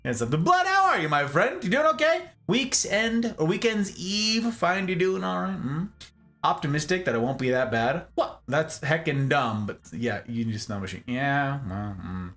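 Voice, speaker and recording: A man's voice: fairly high pitch, moderate pace. A man hosting a casual livestream, chatting with viewers in a jokey, exclamatory way. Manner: animated, jokey, exclaims and laughs often. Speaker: livestream host. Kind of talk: casual chat with live viewers.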